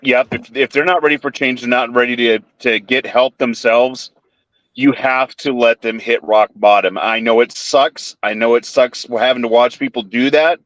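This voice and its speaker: A man's voice: mid-range voice, fairly even intonation, moderate pace, a bit bright, dry recording. A man hosting a live stream chat, earnest and sympathetic. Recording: dull lo-fi audio.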